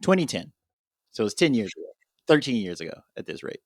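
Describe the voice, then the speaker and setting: A man's voice: mid-range voice, sing-song, fairly quick, no room sound. Rambling man hosting a podcast, dry sound. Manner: rambling, heavy filler words. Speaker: podcast host. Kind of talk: casual chat.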